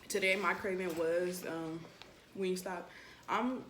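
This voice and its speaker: Woman, lowish voice, relaxed chatty vlog talk, lots of ums, echoey room, faint background noise. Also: slow. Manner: relaxed, chatty, many ums, talks straight to viewers as y'all. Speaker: channel host. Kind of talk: casual mukbang vlog chat.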